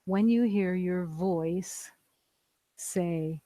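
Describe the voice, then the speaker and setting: A spiritual teacher giving a slow, meditative talk in calm, repeated declarations. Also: medium pitch, vocal fry, no echo, poor audio. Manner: calm, repetitive, declarative phrasing.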